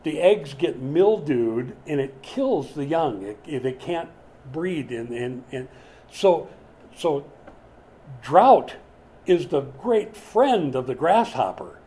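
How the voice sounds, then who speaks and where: A man preaching a sermon in a conversational, animated way, with sudden dramatic swings and words repeated as he builds a point. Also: a little high, slow pace. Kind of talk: expository sermon.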